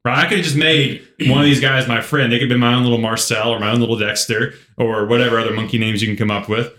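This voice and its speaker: A man co-hosting a podcast, telling a story in an animated, casual way full of filler words. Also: mid-range voice, fast talker. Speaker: podcast co-host. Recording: roomy echo.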